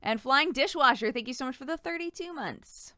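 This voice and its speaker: A woman streamer chats casually and thanks subscribers with giggles. Her voice is bright and lively, rising and falling a lot. The sound is crisp and dry. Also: high voice, a little fast, dry recording. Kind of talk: casual live-stream chat.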